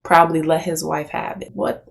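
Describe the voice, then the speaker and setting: A woman's voice: deep voice, fairly even intonation, moderate pace, creaky. An American woman giving casual reaction commentary at home, chatty and incredulous, laughing often. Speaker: commentary youtuber. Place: room at home with a cat nearby.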